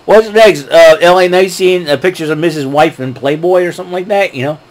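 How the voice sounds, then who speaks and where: A man's voice: high-pitched, normal speed. Rambling man recapping with chuckles. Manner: rambling, many fillers and restarts, chuckles at his own jokes. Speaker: wrestling show recap host. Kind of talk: casual solo recap talk.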